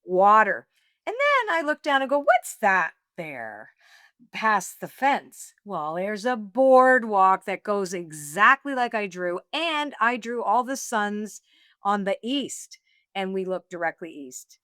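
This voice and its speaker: A woman being interviewed, telling a personal story in a lively, laughing way and acting out what she and others said. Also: medium pitch, a little slow, no room sound, studio quality. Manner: animated, laughing storyteller, acts out her own quotes. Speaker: guest, oracle deck author.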